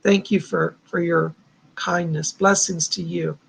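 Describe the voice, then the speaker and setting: A man's voice: fairly high pitch, fairly even intonation, a little slow, creaky, fairly bright tone, a little hiss or hum. A man hosting a live stream of psychic readings, talking in a chatty, reassuring way with a somewhat strained voice. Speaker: psychic host.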